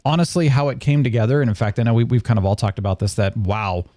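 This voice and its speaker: A man hosting a podcast, chatting casually and rambling with animated storytelling. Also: medium pitch, fast, dry recording. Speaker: podcast host. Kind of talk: casual chat.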